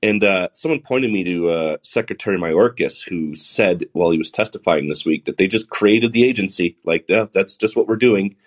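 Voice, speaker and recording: A man with a baritone voice hosting a live podcast, talking through the week's news with sarcastic asides. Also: normal speed, few pauses. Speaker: podcast host. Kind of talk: solo podcast monologue.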